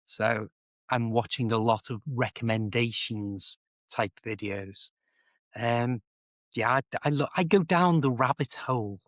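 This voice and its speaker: Casual co-host: Liverpool man, mid-pitched, talkative, close and dry. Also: a little slow, no room sound. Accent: Liverpool English. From England. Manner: chatty, explains idioms with rambling examples. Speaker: co-host, English teacher. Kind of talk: casual chat. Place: indoor home office.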